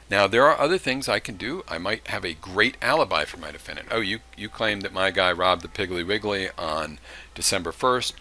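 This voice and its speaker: His voice is fairly low in pitch, pushed and bright. In a recorded criminal justice lecture, he talks casually, performs brief acted-out examples, and drops in asides.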